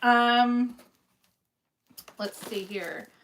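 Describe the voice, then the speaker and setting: A woman's voice: fairly high pitch, fairly even intonation, extremely slow, fairly bright tone, a little hiss or hum. A woman hosting a live craft stream, chatting casually about her sewing supplies, with lots of fillers. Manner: chatty, lots of fillers, reads viewer comments aloud. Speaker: craft livestream host.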